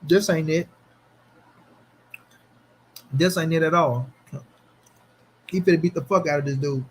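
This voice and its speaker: A man hosting a casual boxing livestream, speaking in an animated, slangy way as he answers his chat. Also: fairly high pitch, measured pace, breathy edge. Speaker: boxing commentary channel host.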